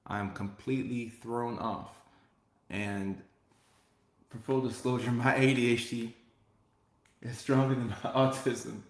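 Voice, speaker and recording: A man hosting a live stream, chatting upbeat and repeating phrases as he reads viewer comments. His voice sits in a middle pitch. The room around him gives it a noticeable echo. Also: fairly even intonation, slow, pauses often. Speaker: host.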